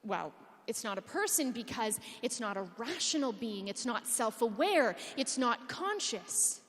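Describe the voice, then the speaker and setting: A woman's voice: on the high side, big pitch swings, unhurried, pitched below the performer's own voice. Woman doing a matter-of-fact male professor in a big hall. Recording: long reverb of a conference hall.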